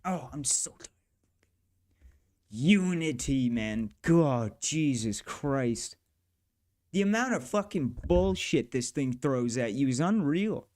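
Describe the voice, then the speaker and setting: Narrating his game development work in a casual devlog, a man grumbles and swears at the software in exasperation. His voice is mid-range and slow, with lively intonation.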